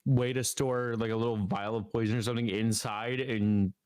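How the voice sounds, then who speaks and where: A man's voice: medium pitch, fairly even intonation, brisk, a little mellow, smooth, dry recording. A man chatting casually as a co-player in a game session, rambling with many fillers. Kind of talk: casual let's-play chat.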